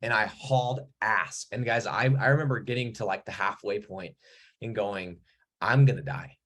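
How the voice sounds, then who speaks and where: A man's voice: on the low side, moderate pace, sharp tone. A man in his thirties giving a blunt, profane motivational talk to his viewers, telling a story with rising emphasis. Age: 30s. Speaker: mentor. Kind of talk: casual motivational talk to camera.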